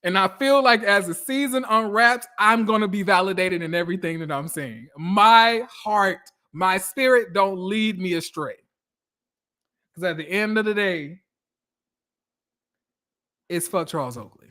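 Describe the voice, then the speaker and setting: A woman giving blunt, profane, animated commentary as she recaps a reality TV episode. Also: mid-range voice, a little slow.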